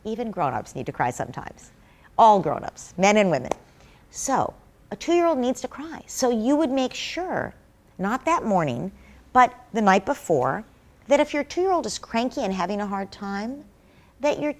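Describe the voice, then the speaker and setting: A woman's voice: medium pitch, sing-song, moderate pace, darkish tone. A woman speaks as a guest expert in an interview, earnest and explanatory. She lays out her advice step by step, slipping into short acted-out exchanges with a child. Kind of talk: interview answer.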